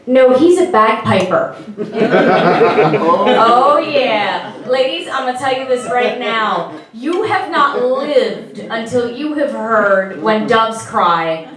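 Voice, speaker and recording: A woman with a fairly high voice and lively intonation performs stand-up on a club stage, taking it slowly and teasing the audience playfully. Heard from a distance in an echoey club, her set is accompanied by crowd noise and laughter.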